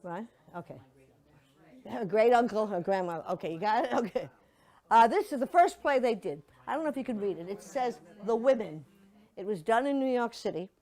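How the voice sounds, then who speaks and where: A woman's voice: fairly high pitch, animated, a little fast, a little mellow. An older woman telling stories to a church audience in a chatty, playful way, slipping into mocking put-on voices. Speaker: speaker giving a memorial slideshow reflection. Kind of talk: casual storytelling to an audience.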